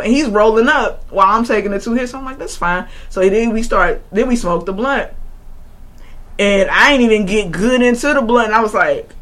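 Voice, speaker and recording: A woman's voice: mid-range voice, brisk, a bit bright. A young woman casually telling a story as a podcast co-host. She swears freely and acts out her own quotes.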